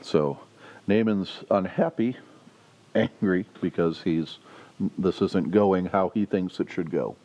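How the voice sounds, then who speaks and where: A deep, mellow male pastor teaches a Bible study in an easy conversational way. He stops and restarts often and lifts his voice when he acts out the quotes. The recording is dull and lo-fi. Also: slow pace.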